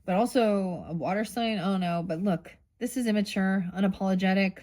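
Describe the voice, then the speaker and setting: A woman's voice: medium pitch, fairly quick, a little mellow. A middle-aged woman doing a casual tarot reading, thinking aloud, rambling and swearing offhandedly. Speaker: tarot reader.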